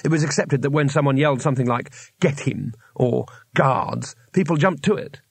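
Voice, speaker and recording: A man reading an audiobook aloud in a measured storytelling manner with wry timing. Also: fairly high pitch, husky, no room sound. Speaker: audiobook narrator. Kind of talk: scripted narration.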